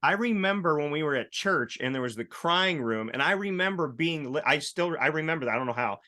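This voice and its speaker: A man hosting a casual chat show, telling stories in a lively way and acting out the voices of the people in them. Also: on the high side, fairly quick. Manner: animated storyteller, acts out quoted voices. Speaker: host.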